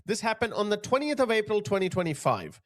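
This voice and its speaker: A man reacts to video clips in an animated, indignant way, his pitch leaping up and down as he talks. His voice sits a little high for a man, and his commentary is loose, with laughing asides. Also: fast talker. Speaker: YouTube commentator host.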